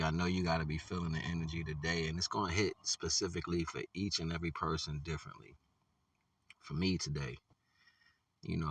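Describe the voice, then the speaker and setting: Low-voiced man, bright and forceful tone, easygoing storyteller who laughs a lot, mic a bit distant in a dry space. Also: husky, no echo. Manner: laid-back, laughs often, many "you know what I'm saying" fillers. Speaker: vlogger. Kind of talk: casual storytelling monologue.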